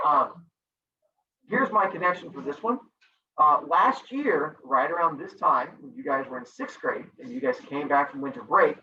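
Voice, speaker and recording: A man's voice: on the high side, normal speed. A man teaching a middle school class online, joking with students and acting out silly voices as he reviews. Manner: animated, jokey, acts out silly voices. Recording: echoey, distant, dull video-call audio with faint noise.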